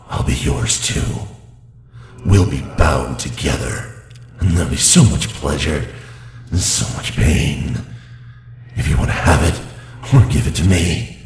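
A man voicing a deep, gravelly seductive demon. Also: reverberant. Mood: growling. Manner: slow, low, intimate seductive murmur. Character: seductive male demon spirit possessing a man's body. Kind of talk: adult audio role-play.

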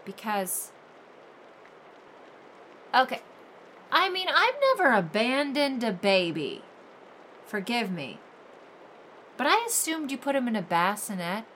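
A woman's voice: fairly high pitch, bright, forceful tone, slight background noise. A woman reading fairy tales aloud as host, breaking off into sarcastic, mock-exasperated commentary. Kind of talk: comic storytelling reading with running commentary.

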